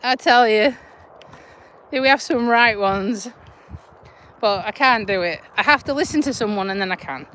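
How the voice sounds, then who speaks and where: A chatty woman with a broad Yorkshire-Lincolnshire accent, talking in an unhurried drawl into a handheld phone. Her voice sits a little high. She is out walking, with faint outdoor ambience behind her. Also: fairly bright tone, a little hiss or hum. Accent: Yorkshire-Lincolnshire English. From Lincolnshire, England. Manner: chatty, laughing, broad and blunt. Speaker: vlogger, nurse. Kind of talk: casual live chat while walking a dog. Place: outdoors on a country walk.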